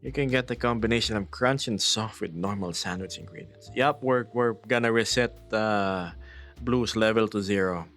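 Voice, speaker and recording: A man's voice: on the low side, moderate pace, a bit bright, faint music behind. Chuckling male streamer chatting casually. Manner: reads chat messages aloud and jokes about them, chuckling often. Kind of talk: casual live-stream chat.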